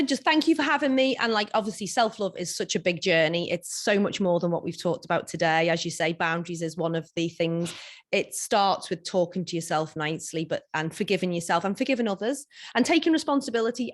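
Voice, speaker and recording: British woman coach on a video call, lower voice, earnest and steady. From United Kingdom. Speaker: guest, wellness coach. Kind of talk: casual interview.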